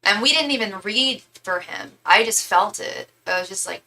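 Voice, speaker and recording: A woman's voice: mid-range voice, lively intonation, moderate pace, few pauses, pushed and bright, rough recording. A young woman giving a live-stream tarot reading, talking casually in slangy, emphatic bursts and often restarting her sentences. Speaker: tarot reader.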